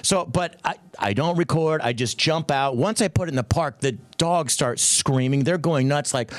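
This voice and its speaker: A middle-aged man co-hosting a radio show, telling a story in an excitable way and acting out quotes in a raised voice. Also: a little high, moderate pace, hardly any pauses, dry recording. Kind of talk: animated storytelling chat.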